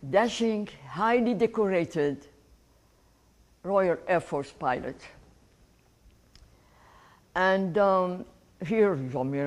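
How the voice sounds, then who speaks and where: Speaking in a mid-range voice, a lively older Egyptian woman appears as a guest speaker recounting her life to listeners. She chuckles at her own anecdotes, warm and full of animation.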